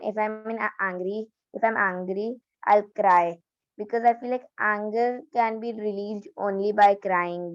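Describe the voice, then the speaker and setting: A woman's voice: medium pitch, darkish tone, no echo, lo-fi sound. A young woman student giving a hesitant spoken answer in an online class, full of fillers and restarts.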